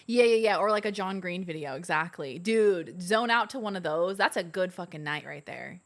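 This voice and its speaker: A woman's voice: lowish voice, animated, moderate pace. A young woman casually joking and swearing while streaming a game. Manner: joking, profane, rambling.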